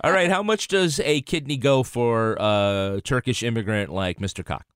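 A man's voice: medium pitch, a little slow, noisy background. A man co-hosting a podcast in casual chat, teasing and laughing often, then reading the show's outro. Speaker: podcast co-host.

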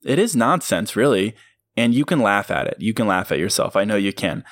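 A man hosts a motivational podcast on his own, pressing his points with emphatic sincerity. His voice sits low, and he laughs easily between thoughts. The sound is dry and close, with no room around it. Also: big pitch swings, brisk, dry recording. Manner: earnest, emphatic, laughs often. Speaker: podcast host. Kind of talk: motivational solo podcast talk.

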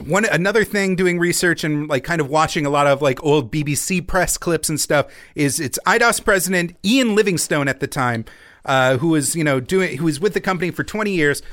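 A man co-hosting a podcast in casual chat, animated, profane and jokey. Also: a little high, fairly quick. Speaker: podcast co-host.

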